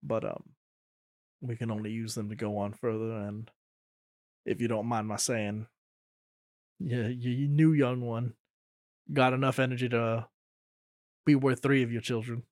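A soft-spoken older serpent traveler, talking low and slow in a hushed, gentle tone for a tabletop game, as a man puts him on. The recording is dry and close. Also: steady tone, dry recording, natural voice. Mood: consoling.

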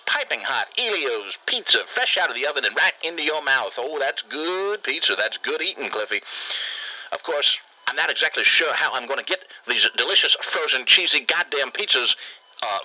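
A man's voice: mid-range voice, bright, forceful tone, low-quality recording. A man voicing a profane, rambling uncle who rants about food and baseball. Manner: rambling cursing rant. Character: profane grown man obsessed with pizza.

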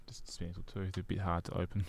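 A man's voice: sits low, flat delivery, fast talker, creaky, dry recording. A young man with an Australian accent, a radio announcer trading teasing jokes on a casual podcast. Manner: joking, teasing banter.

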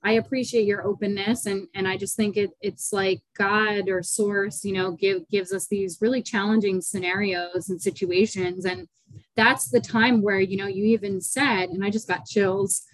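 A woman host speaking gently and supportively to her guest. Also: mid-range voice, fairly even intonation, moderate pace, no room sound, poor audio. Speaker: podcast host. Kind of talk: supportive interview conversation.

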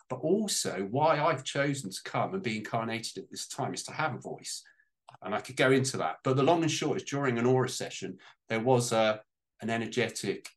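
A man on a panel talking about a personal change in a heartfelt, rambling way, close to tears at times. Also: on the low side. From United Kingdom. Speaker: guest on a panel. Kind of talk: emotional personal testimony.

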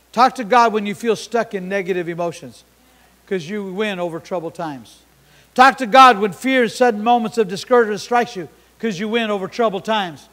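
A male pastor preaching an impassioned sermon, swinging from hushed asides to shouting. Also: sits high. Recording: long hall reverb.

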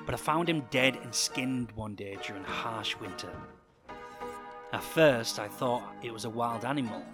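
A man reading a first-person fan fiction story in a dramatic storytelling way. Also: mid-range voice.

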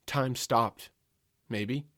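A man narrating a comic first-person story in a wry, dry, deadpan manner. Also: medium pitch, very slow, no room sound.

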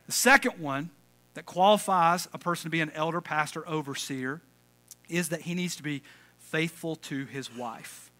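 A male pastor preaching a lively, conversational sermon, calling out to the congregation. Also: on the high side, moderate pace. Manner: energetic, conversational, calls for audience response.

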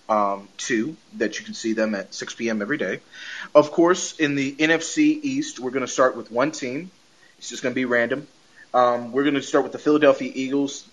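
A man's voice: medium pitch, fairly bright tone. A young man hosting a casual sports podcast, rambling with stuttered restarts and laughing at his own jokes. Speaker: podcast host. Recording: lo-fi podcast audio.

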